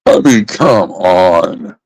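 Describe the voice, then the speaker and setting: A man's voice: deep voice, lively intonation, extremely slow, no echo, poor audio. A man ranting casually in an exasperated, profane way, repeating himself. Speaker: vlogger. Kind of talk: casual rant.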